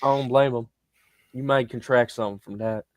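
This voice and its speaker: A man's voice: mid-range voice, a little fast, dry recording. A young man co-hosting a casual film review chat, slangy and laughing, acting out lines from the movie. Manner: animated, laughing, slangy, acts out quotes. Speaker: podcast co-host.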